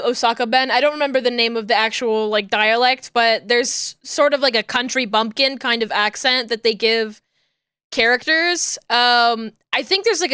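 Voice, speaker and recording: A woman's voice: a little high, bright, forceful tone, smooth, no echo, studio quality. A woman streamer chatting casually with viewers, rambling along with lots of fillers and restarts.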